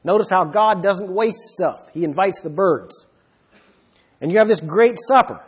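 A man's voice: sits high, animated, a little slow, breathy edge. A man preaching a sermon, reading scripture aloud and then explaining it.

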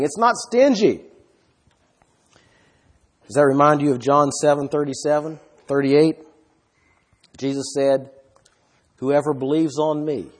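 A man's voice: fairly high pitch, husky. A man preaching a sermon with emphasis, often putting questions to his listeners.

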